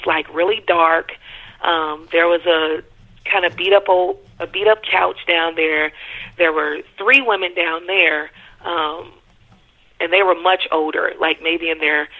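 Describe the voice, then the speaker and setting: A caller calmly retelling a dream in casual speech, often pausing with fillers and restarting sentences. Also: mid-range voice. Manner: hesitant, with frequent fillers and restarts. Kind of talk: casual spoken storytelling. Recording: narrow telephone line.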